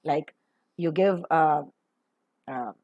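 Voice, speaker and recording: A woman teaching a phonetics lesson, spelling words out letter by letter and repeating them slowly and deliberately. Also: medium pitch, sing-song, muffled recording. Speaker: English pronunciation teacher.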